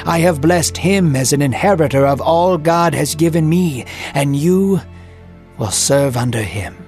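A man's voice: a little high, unhurried, darkish tone, soft background music, lightly acted. A man voicing an old blind father who solemnly declaims blessings. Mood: stern.

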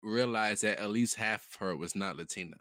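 A man's voice: fairly low pitch, brisk, fairly bright tone, no echo. A man in casual chat co-hosting, wry, quipping and laughing often. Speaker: podcast co-host. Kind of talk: casual chat recapping a reality show.

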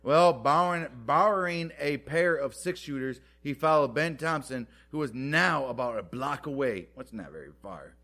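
A man's voice: on the high side, animated, normal speed, few pauses, bright, forceful tone. A man co-hosting a podcast, retelling history in a loose, profane, joking way with lots of filler. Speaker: podcast co-host. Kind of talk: casual history storytelling.

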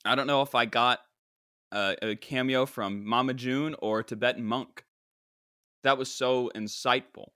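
A man's voice: medium pitch, unhurried, no room sound, clean studio sound. A young man in his twenties hosting a podcast, reacting with mock exasperation and disbelief in a casual, joking way. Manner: incredulous, animated, mock-exasperated. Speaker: podcast host.

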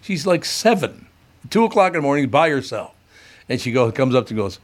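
A man's voice: mid-range voice, fairly quick. A man hosting a radio show, telling stories in casual banter and swearing freely. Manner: animated storyteller, swears casually.

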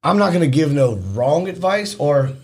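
A husky-voiced man talks in a casual podcast chat. His pitch jumps around a lot as he swears, jokes and laughs. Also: normal speed. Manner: animated, profane, laughs often. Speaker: rapper guest.

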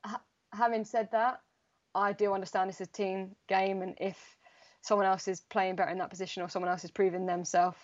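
Woman, young, rambling fillers, flat delivery, dull lo-fi sound. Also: mid-range voice, a little fast. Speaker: footballer guest. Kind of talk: casual interview chat.

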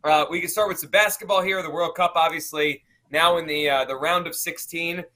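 A man's voice: fairly high pitch, steady tone, brisk, sharp tone. A man hosting a daily sports betting show, opening it and chatting loosely with his co-hosts. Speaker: podcast host. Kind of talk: casual sports show chat.

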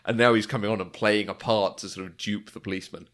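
A man's voice: on the low side, steady tone, quick pace, a bit bright. A man co-hosting a casual film discussion, talking with enthusiasm and often laughing. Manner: enthusiastic, laughs often, quotes lines in voices. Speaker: podcast co-host.

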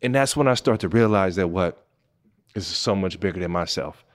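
Pasadena guy in his 30s hosting a podcast, storytelling, gets loud and excited then goes quiet. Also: sits low, brisk. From Pasadena, California. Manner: excitable, swings between hushed and exclamatory. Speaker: podcast host. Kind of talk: animated storytelling monologue.

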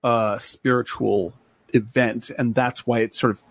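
Husky male voice, casual podcast chat, rambling retelling, lots of uh and like. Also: medium pitch, fairly even intonation, unhurried, no echo. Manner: rambling retelling with many fillers. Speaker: podcast co-host. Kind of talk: casual chat, film recap.

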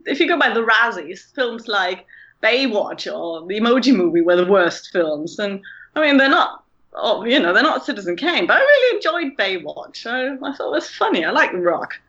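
Blunt German woman, bright voice. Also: on the high side, lo-fi sound. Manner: blunt, opinionated. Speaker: podcast guest. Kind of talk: casual panel chat.

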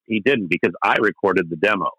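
A man's voice: low voice, animated, a little fast, pushed and bright, breathy edge, no room sound, low-quality recording. A middle-aged man telling stories about his band in an interview, rambling with many restarts and fillers, candid and a bit profane. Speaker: interview guest, musician. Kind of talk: casual storytelling interview.

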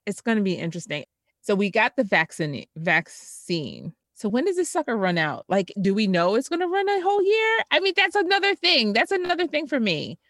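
A woman co-hosting a casual chat, chatty and animated, her voice jumping up when she stresses a point. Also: brisk, no room sound, clean studio sound. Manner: animated, chatty, jumps in pitch when emphatic.

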